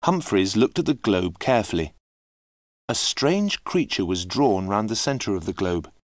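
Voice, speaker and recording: Audiobook narrator, male, low register, measured learner-friendly reading, dry booth. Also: sing-song, no echo. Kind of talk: scripted storybook narration.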